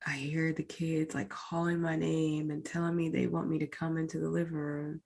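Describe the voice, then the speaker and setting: A woman's voice: deep voice, level tone, moderate pace, vocal fry, a little mellow. A woman podcast host recounting a painful personal experience in a candid, emotional way, speaking directly to her listeners. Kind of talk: personal storytelling.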